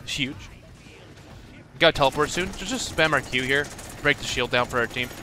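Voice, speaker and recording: A man giving live gameplay commentary, coaching his teammates and shouting at big moments. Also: mid-range voice, moderate pace, slight background noise. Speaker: gaming video creator.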